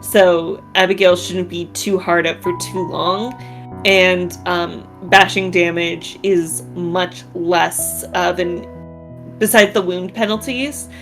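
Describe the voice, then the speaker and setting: Brief: woman game master, lower voice, loose chatty narration over faint background music. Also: slow. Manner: relaxed, chatty, lots of fillers.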